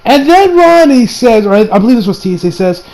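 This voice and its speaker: A man giving a casual recap and review of an anime episode, animated and exasperated, laughing and swearing as he talks. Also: extremely high pitch, brisk, low-quality recording.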